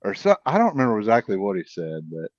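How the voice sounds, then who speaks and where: A man, a podcast guest, telling a field story in a rambling, animated way with many restarts. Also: lowish voice, fast talker, no room sound. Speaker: podcast guest, cryptid investigator. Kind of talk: casual storytelling. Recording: dull, dry, lo-fi sound.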